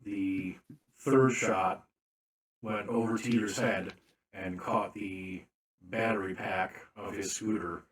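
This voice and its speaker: A man narrating a tabletop game as game master, slow and deliberate with frequent fillers. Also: on the low side, steady tone, roomy sound, a little hiss or hum.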